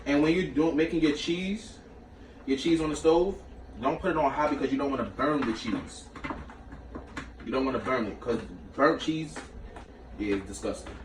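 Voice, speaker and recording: A man's voice: mid-range voice, normal speed, pauses often, far from the mic. Slangy New man in an echoey kitchen. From New York. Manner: slangy, chatty, jumps between recipe and stories. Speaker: cooking show host. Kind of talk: casual cooking vlog storytelling. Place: small home kitchen. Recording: echoey room, away from the mic, faint noise.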